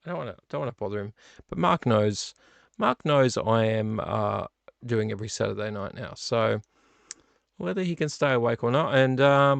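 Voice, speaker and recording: Brief: middle-aged man, gravelly, rambling live-stream host, dry close sound. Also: mid-range voice, no echo. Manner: rambling, chatty, self-deprecating. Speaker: vlog host. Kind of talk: casual live-stream chat. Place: home studio room.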